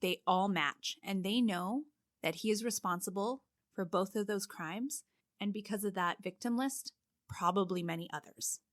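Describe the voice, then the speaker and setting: A woman's voice: mid-range voice, moderate pace, no room sound. Casting note: woman co-host telling a true-crime case casually, dry close-miked sound. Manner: steady storytelling with frequent "like" fillers.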